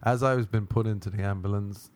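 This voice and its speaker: A man's voice: fairly low pitch, steady tone, fast, a little mellow. A young man telling a casual anecdote, rambling and swearing, often breaking into laughter. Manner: laughing, profane, rambling storyteller.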